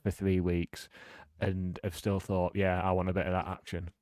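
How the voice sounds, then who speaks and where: A man co-hosting a comedy podcast, delivering dry, deadpan one-liners. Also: low-pitched, normal speed, no echo. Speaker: podcast co-host. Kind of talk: comedic banter.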